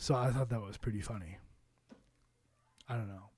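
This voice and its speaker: A man's voice: lowish voice, normal speed, darkish tone, husky, no room sound. A man casually telling a personal story to camera, rambling with lots of fillers and cursing. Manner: rambling, loose with curses and fillers. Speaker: vlogger.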